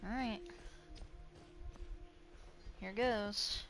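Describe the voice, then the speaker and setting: A woman streams a game with casual, excitable commentary, swearing freely and laughing often. Her voice is bright and sharp at a middle pitch. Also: extremely slow, faint music behind.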